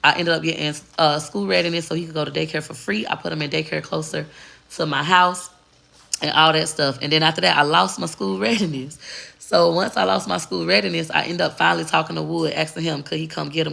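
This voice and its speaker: A woman's voice: low-pitched, fairly even intonation, a little fast, vocal fry, bright, forceful tone. A woman vlogger telling a personal story in a candid, blunt and profane way. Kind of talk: casual storytelling to camera.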